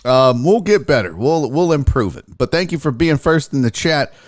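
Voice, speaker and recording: A man's voice: mid-range voice, lively intonation, moderate pace, no room sound, clean studio sound. A man hosting a sports live stream, rambling and joking with a profane, casual manner as he greets viewers by name. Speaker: sports show host.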